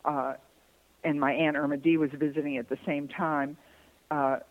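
An older man from Detroit rambles through anecdotes in a podcast chat. His voice sits a bit high and sounds tinny and narrow, as if over a phone line, in a dry setting with no room echo. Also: flat delivery, moderate pace. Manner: rambling anecdotal storyteller, bursts of laughter. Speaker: guest. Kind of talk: podcast conversation, storytelling.

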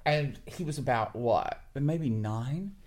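Chatty man telling stories. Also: slow. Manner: animated storyteller, mimics others in high voices. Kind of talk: casual chat.

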